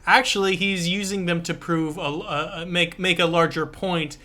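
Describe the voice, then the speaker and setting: A man with a bright, forward voice pitched a little high co-hosts a casual book discussion. He explains the story carefully, stopping and restarting his sentences. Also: fairly even intonation. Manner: explanatory, halting with many restarts. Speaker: podcast co-host.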